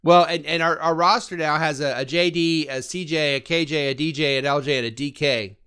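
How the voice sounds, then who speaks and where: Brief: a joking, rambling man hosting a fan podcast, a bit higher pitched. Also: steady tone, fairly quick, fairly bright tone, clean tone. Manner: jokey, rambling, with frequent laughs. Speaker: podcast host. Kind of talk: casual sports podcast chat.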